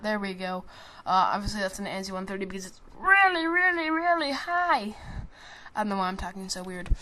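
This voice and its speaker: A person giving casual, rambling commentary over a game trailer, joking and swearing, with constant fillers and restarts. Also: female voice, mid-range voice, a bit bright, slight background noise. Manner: rambling and jokey, with frequent swearing; self-interrupting, with many fillers and restarts.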